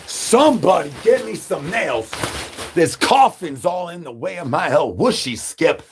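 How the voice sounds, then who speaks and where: A man's voice: fairly high pitch, animated, a little slow, background noise. A man doing a crude, absurd comedy monologue, rattling off rhyming nonsense and repeated catchphrases and calling for brains like a zombie. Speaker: comedy streamer.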